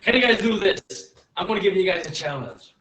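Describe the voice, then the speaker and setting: A man's voice: high voice, animated, brisk, reverberant, recorded from a distance, a crowd in the background, poor audio. A man co-hosting a casual chat show, teasing the others. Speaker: co-host.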